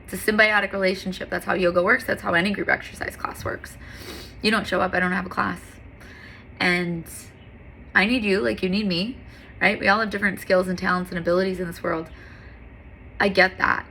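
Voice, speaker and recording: A woman's voice: medium pitch, fairly even intonation, a little fast, creaky, sharp tone, slight background noise. A woman yoga instructor talking in an earnest, candid, heartfelt monologue, with frequent fillers.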